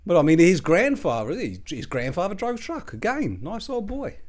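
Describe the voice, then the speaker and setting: A man's voice: sits high, very animated, moderate pace, darkish tone. A man doing a rambling Aussie bloke. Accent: Australian (put on). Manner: rambling, swearing, colloquial banter, mocking impressions. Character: middle-aged Australian bloke, gossipy and crude. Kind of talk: comedic character monologue.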